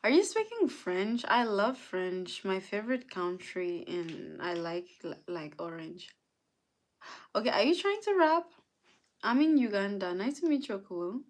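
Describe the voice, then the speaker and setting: A woman's voice: medium pitch, big pitch swings, measured pace. A young woman hosting a casual live stream, chatting, greeting viewers by name and answering their comments. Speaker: livestream host.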